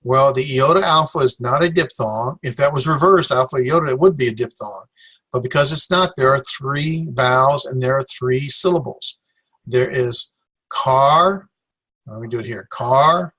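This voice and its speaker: A man teaching a Greek class in a classroom lecture, halting with many fillers as he sounds out syllables slowly. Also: mid-range voice, pushed and bright, breathy edge.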